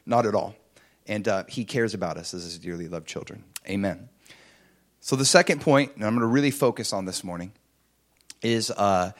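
A middle-aged man preaching a sermon, impassioned, swinging between loud emphatic lines and soft hushed ones. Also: medium pitch, animated, moderate pace.

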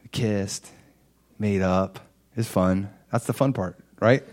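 A middle-aged man pastor giving a sermon in an easy, conversational manner, telling a personal story and lifting his voice for emphasis. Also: slow pace. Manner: rises in pitch and loudness for emphasis.

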